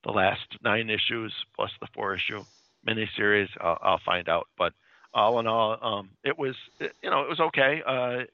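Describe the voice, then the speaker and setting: Man, comic book recap, casual rambling retelling, somewhat low voice, tinny phone-line sound. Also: normal speed, no room sound. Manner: rambling, loosely strung retelling. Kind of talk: casual spoken plot recap.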